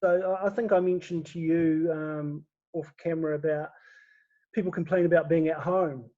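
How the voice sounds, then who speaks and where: A man's voice: fairly high pitch, fairly even intonation, normal speed, dark tone, lo-fi sound. A man chatting casually as a guest, laughing often and restarting his words. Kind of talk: casual chat.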